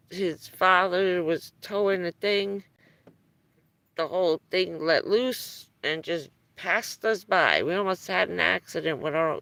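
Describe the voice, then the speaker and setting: A woman talks slowly on a live stream, her voice gravelly with fry and a bright edge. She rambles through stories in casual chat, chuckling between phrases. The sound is dry and close. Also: fairly low pitch, no echo.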